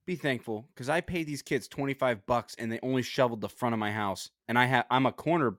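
A man's voice: mid-range voice, quick pace, fairly bright tone, dry recording, clean studio sound. A man on a casual podcast chat, chiming in with teasing, needling remarks. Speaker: podcast co-host.

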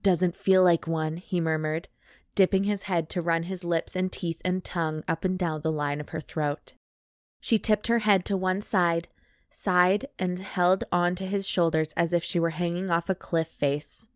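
A woman's voice: on the low side, fairly even intonation, unhurried, no echo, studio quality. A woman co-hosting a comedy podcast, reading steamy romance prose aloud between jokes with her co-host. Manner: reads steamy prose aloud with playful commentary. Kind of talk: casual chat and mock-dramatic reading.

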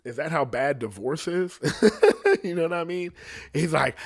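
A man hosting a podcast, ranting in a rambling, profane, comedic way, laughing often and sometimes dropping to a low mutter. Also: animated, unhurried. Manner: drops to a low mutter at times. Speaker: podcast host. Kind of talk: casual comedic rant.

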